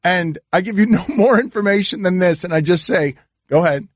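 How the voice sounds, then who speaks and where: A man's voice: high voice, brisk, dry recording, studio quality. Teasing male sports radio host. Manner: teasing, incredulous.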